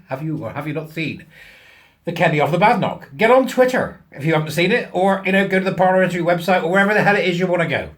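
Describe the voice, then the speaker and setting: A man's voice: sits high, a bit bright. A man talking casually to camera, chatty and emphatic, a bit unwell and getting emotional. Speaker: vlog host. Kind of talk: casual solo commentary.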